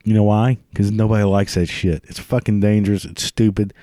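A man's voice: on the low side, little pitch movement, fairly quick, warm tone, no echo, clean studio sound. A man delivering a crude, profane comedic rant, swearing constantly and laughing at his own jokes. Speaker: ranting commentator.

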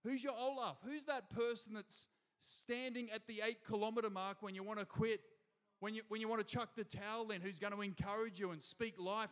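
A lively Australian pastor preaches in a high, bright register. His sermon, delivered from the front of a church hall, includes frequent calls out to the congregation.

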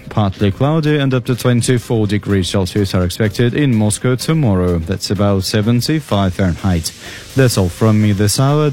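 A man reading a scripted radio news bulletin in a measured, even delivery. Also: mid-range voice. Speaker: news and sports bulletin reader.

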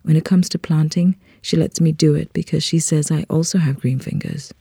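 Reader for a literary short story: gravelly, very dark tone, husky edge, dry close mic, measured and unhurried. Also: medium pitch, steady tone, no echo.

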